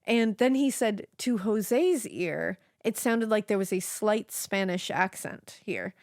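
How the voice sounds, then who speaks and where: A woman co-host telling a true-crime story in a loose, chatty way. She swears freely and acts out each quote as she goes. Her pitch sits mid-range, and the dry, close-mic sound has no room echo. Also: animated, slow, darkish tone. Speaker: podcast co-host telling the case.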